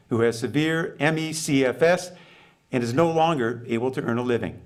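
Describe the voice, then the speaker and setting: A man hosting a benefit concert livestream, announcing the next act in a steady, scripted way. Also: medium pitch, moderate pace.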